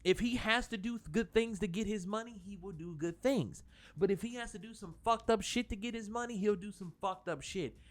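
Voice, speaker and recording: A man's voice: high voice, a little fast. A man giving a casual spoken film review, rambling and profane, with frequent fillers and restarts. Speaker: channel host reviewing a film.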